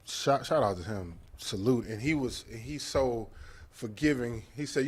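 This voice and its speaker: A man co-hosting a TV talk show, chatting in a relaxed, joking way with slang. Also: mid-range voice, a little slow, breathy edge. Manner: laid-back, joking, slang-heavy. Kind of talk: casual chat.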